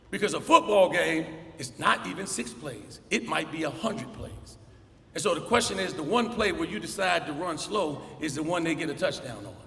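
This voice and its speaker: A middle-aged man giving a motivational commencement speech, telling stories and acting out the dialogue with lively energy. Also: high voice, vocal fry, slight background noise. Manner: storytelling with energetic acted-out dialogue. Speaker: commencement speaker. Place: large hall. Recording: echoey hall, faint ambience.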